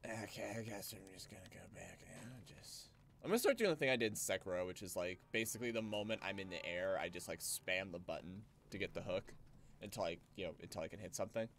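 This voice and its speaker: Lively, excitable male game streamer. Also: deep voice, quick pace, slight background noise. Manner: excitable, profane, jokey. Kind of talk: casual gaming livestream commentary.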